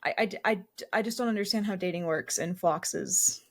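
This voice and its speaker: A woman's voice: lowish voice, normal speed. A woman co-hosting a casual podcast, hesitant and self-deprecating, often repeating words while she gathers her thoughts. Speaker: podcast co-host.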